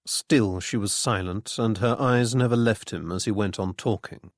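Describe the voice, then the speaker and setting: A man giving a measured scripted narration of a mystery audiobook. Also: lowish voice, no echo, clean studio sound.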